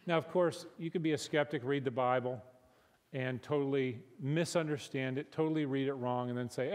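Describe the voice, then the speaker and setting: A middle-aged man teaching at a church conference, animated and building to emphatic peaks. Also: medium pitch, normal speed. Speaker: conference speaker. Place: church hall. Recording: hall reverb.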